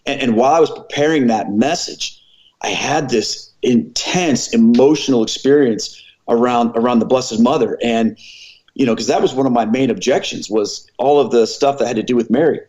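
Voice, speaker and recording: A man's voice: mid-range voice, moderate pace. Middle-aged man telling his story animatedly. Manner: animated storyteller who acts out dialogue. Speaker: former pastor, podcast guest. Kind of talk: personal storytelling in a conversation. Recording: slightly muffled audio.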